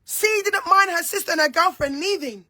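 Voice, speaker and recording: Brief: young woman, high bright voice, angry confrontational rant, repeats herself. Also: moderate pace. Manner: heated, repetitive, confrontational. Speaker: reality show cast member. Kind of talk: angry monologue to camera.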